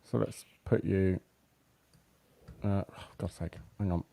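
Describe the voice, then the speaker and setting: Low, mellow-voiced man running a game. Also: slow, vocal fry. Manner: relaxed, hesitant, many fillers. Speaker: game master. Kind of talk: running a tabletop game over a live stream.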